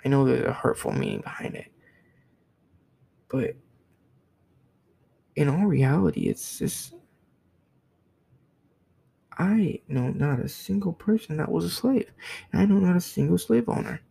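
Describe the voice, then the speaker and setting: A man's voice: fairly high pitch, huge pitch swings, a little slow, creaky, long pauses, warm tone, breathy edge, rough recording. A young man from the United States giving a blunt, profane opinion rant to camera, repeating himself as he talks. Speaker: vlogger.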